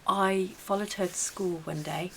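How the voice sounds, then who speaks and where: A woman, telling a personal story in a casual, animated way and hushing her voice for quotes. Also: fairly low pitch, unhurried, creaky, a little hiss or hum.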